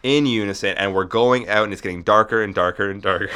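A man co-hosting a podcast, telling a deadpan comic story in a rambling way, full of restarts. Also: fairly low pitch, a little fast, clean tone. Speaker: podcast co-host.

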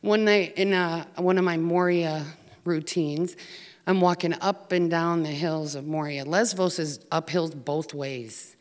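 A woman's voice: fairly low pitch, fairly even intonation, unhurried. American woman telling a story in a hall. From United States. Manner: earnest storytelling with fillers. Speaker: speaker telling of volunteer work. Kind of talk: personal story talk.

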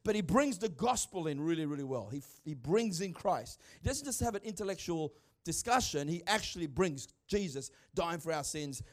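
Middle-aged pastor, high voice, emphatic and chatty from the pulpit. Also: male voice, expressive, normal speed. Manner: emphatic, conversational preaching. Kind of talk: sermon.

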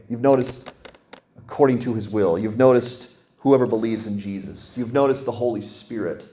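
A pastor preaching in a lowish male voice that is dynamic rather than flat. He slows and goes soft over scripture, then climbs sharply in pitch and volume to hammer home a point. The delivery is earnest and sermon-styled throughout.

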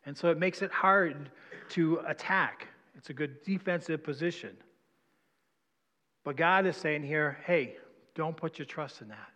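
Conversational pastor, slightly high voice. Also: male voice, measured pace, bright, forceful tone. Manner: conversational preaching, asks congregation questions. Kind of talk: sermon. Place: church sanctuary. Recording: long hall reverb.

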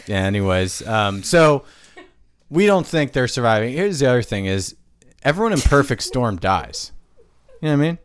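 A man's voice: medium pitch, big pitch swings, moderate pace, clear, resonant tone, no echo. Dry-voiced man telling a rambling story. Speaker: podcast co-host. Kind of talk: casual podcast chat.

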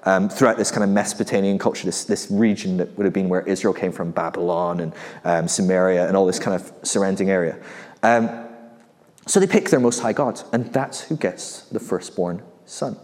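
A man's voice: lowish voice, fairly quick, darkish tone. A man preaching in a casual, conversational way, full of rhetorical questions and light chuckles. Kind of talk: casual sermon. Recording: long hall reverb.

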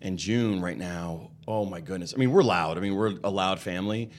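A man's voice: deep voice, moderate pace. A man guesting on a podcast, joking and teasing in casual chat.

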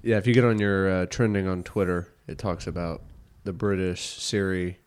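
A young man with a low voice chatting on a podcast. He tells stories in a loose, rambling way and laughs a lot as he goes. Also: fairly even intonation, normal speed, darkish tone, clean tone. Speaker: podcast co-host. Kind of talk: casual chat.

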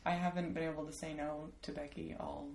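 Chatty low-voiced woman host. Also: little pitch movement, brisk, vocal fry, a little mellow, roomy sound, slight background noise. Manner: chatty, laughs often, playful teasing. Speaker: podcast host. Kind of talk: casual interview chat.

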